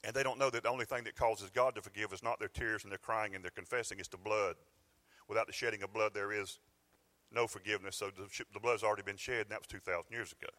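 A man's voice: lowish voice, steady tone, quick pace, sharp tone. A middle-aged man preaching a sermon in a church, folksy and conversational with bursts of emphasis. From Georgia, US. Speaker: pastor. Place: church sanctuary.

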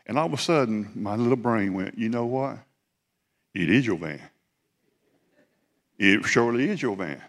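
Preacher guy, kinda low voice, laughs a lot, folksy sermon story, big echoey hall. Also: moderate pace, long pauses. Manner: folksy, animated, laughs often, rambling. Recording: long hall reverb.

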